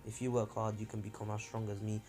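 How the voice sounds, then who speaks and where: A man's voice: lowish voice, little pitch movement, fast, dark tone, soft background music, natural voice. A man voicing a cocky, blunt teenage ninja boy in his ordinary, offhand voice.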